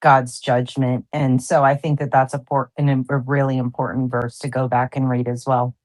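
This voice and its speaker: A woman on a livestream explaining a Bible passage, with halting restarts. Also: very deep voice, level tone, a little mellow.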